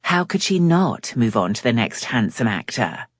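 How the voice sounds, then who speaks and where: A woman narrating a romance novel in measured storytelling, recorded on a close studio mic. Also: a bass voice, very animated, breathy edge, no echo. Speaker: audiobook narrator. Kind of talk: scripted narration.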